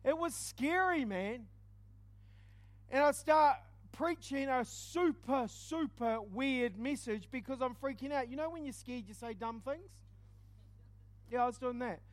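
A man preaching, telling a personal testimony in an animated storytelling way with quick dips into quiet asides. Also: very high voice, dry recording. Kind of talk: testimony sermon.

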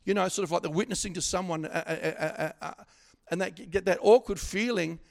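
A middle-aged man preaching a sermon, swinging from loud exhortation to quiet asides, with stammering restarts. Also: high-pitched, fairly quick, gravelly.

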